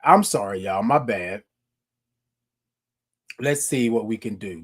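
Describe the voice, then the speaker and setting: A man's voice: fairly low pitch, lively intonation, takes it slowly, long pauses, slightly rough. A man hosting a live morning show, chatting casually with viewers, talking to them directly and often repeating himself. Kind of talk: casual livestream chat.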